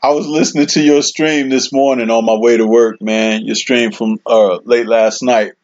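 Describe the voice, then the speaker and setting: Streamer host, man, mid pitch, casual and chatty, muffled lo-fi home mic. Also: steady tone, moderate pace, darkish tone. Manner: laid-back, chatty, lots of "man" and "you know". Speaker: livestream host. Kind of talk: casual livestream chat, reading out viewer comments. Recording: dull lo-fi stream audio.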